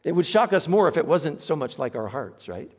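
Earnest preacher man, slightly high voice. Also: sing-song. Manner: earnest, emphatic, slows down to stress key phrases. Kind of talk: sermon.

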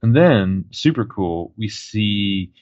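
A man's voice: on the low side, lively intonation, slow pace, darkish tone, no echo, dull audio. A man co-hosting a podcast, plainly describing film footage with joking asides. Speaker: podcast co-host. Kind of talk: casual film commentary.

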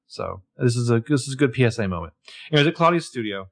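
A man's voice: mid-range voice, expressive, fast, creaky. A man co-hosting a casual recap podcast, chatty and a little hesitant, with wry asides. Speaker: podcast co-host. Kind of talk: casual chat recapping a show.

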